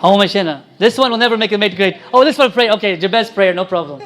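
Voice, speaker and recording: A man's voice: sits high, fast, fairly bright tone. A man preaching a sermon as a priest, quizzing his congregation and pressing his points with emphasis.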